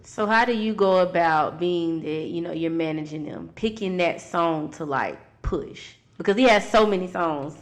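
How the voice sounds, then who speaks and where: Lower-voiced woman asking questions. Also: normal speed, few pauses. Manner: direct, conversational questioning. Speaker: radio show co-host. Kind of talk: casual interview questions.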